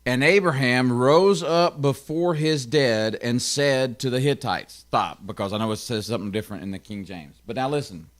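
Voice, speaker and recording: Male pastor, Tennessee accent, mid pitch, relaxed conversational Bible teaching, quick asides. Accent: Southern US, Tennessee. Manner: chatty, checks in with listeners, quick asides.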